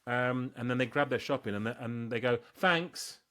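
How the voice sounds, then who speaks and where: A man co-hosting a casual chat, speaking emphatically and getting animated as he makes his point. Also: medium pitch, brisk. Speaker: co-host.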